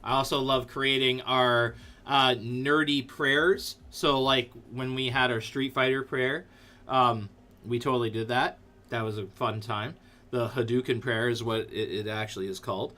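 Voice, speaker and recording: A man hosting a casual livestream from his computer desk, playful and jokey, breaking into sudden loud outbursts. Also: mid-range voice, fairly even intonation, unhurried. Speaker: livestream host. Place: seated at a computer in a dim room.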